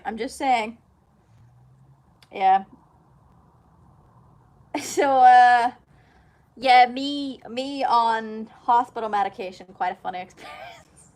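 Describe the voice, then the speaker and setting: Giggly high-voiced young woman. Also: takes it slowly, pauses often, a little mellow. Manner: chatty, giggly storytelling. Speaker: singer and livestream host. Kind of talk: casual livestream chat.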